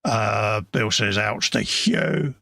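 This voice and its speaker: Rich: A matey London man hosting a live stream and reading out viewers' messages with a grin, his voice gravelly and bright. It sounds close and dry, with no room around it. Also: lowish voice, takes it slowly, dry recording. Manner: jokey, matey, calls everyone mate. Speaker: livestream host reading chat. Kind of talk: casual live chat.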